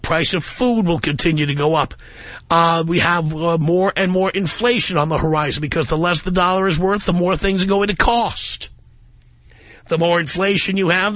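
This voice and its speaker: A man's voice: sits high, fairly bright tone, no echo. A man hosting a talk radio show, ranting in an angry, emphatic way from a studio microphone.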